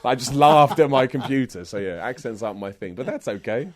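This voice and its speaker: A man's voice: mid-range voice, animated, a little fast. A man with a southern English accent, a guest in a casual interview, joking at his own expense and laughing often. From England. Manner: self-deprecating, jokey, laughs often. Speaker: guest, wrestling presenter. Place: indoors in person.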